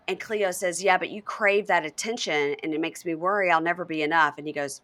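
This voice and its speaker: A woman in casual podcast chat, recapping a reality show with animated storytelling and acting out quoted lines in voices. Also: on the low side, fairly quick, hardly any pauses. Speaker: podcast co-host.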